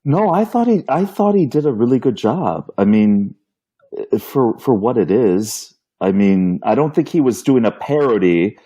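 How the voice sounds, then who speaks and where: A man co-hosting a podcast in casual chat, animated and quick to laugh. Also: medium pitch, husky. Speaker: podcast co-host.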